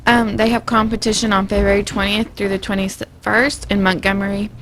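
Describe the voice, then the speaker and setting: Flat-voiced young woman reading a list. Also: mid-range voice, brisk, a little hiss or hum, low-quality recording. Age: teens to young adult. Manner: quiet, reads names evenly with small stumbles. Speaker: student reader of announcements. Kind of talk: reading announcements.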